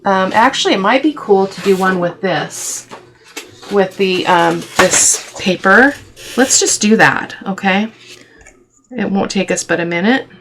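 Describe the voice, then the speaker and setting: A woman's voice: mid-range voice, unhurried, background noise. A middle-aged woman hosting a casual craft tutorial, chatty and affectionate, thinking aloud with fillers as she works. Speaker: craft video host.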